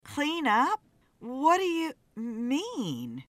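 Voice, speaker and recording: A woman voicing a suspicious young woman who teases her partner, in a higher, brighter tone. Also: slow pace, no echo.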